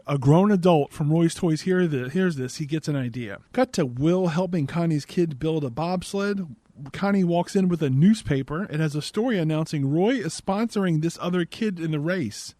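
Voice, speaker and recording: A man's voice: a little high, moderate pace, mellow, dry recording. Sarcastic man recapping a movie. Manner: sarcastic, exasperated. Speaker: podcast host.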